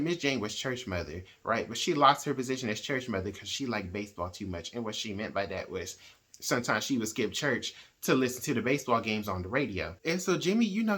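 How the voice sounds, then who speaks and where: A man hosting a reading channel, casually retelling a novel's plot in a chatty, animated way and acting out the characters' lines. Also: mid-range voice. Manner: animated storyteller who acts out quoted characters; conversational, with frequent "like" and "right?".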